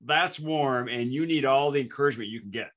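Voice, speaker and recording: A man's voice: medium pitch, a bit bright. A man hosting a casual interview, chatty and encouraging. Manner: encouraging, chatty with quick backchannels. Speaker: host.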